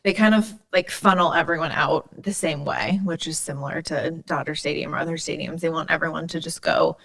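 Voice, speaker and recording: A woman podcast host from Indiana tells stories in a loose, chatty way. She sprinkles "like" through her sentences. Her voice sits a little low for a woman. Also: brisk, vocal fry, a bit bright. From Indiana, USA. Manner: chatty, lots of "like" fillers. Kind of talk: casual storytelling chat.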